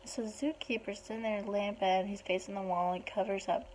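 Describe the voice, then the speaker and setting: A woman retelling a picture book story aloud in a chatty, animated way. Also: mid-range voice, fairly quick, slight background noise, low-quality recording. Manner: chatty, animated, puts on small voices for the animals.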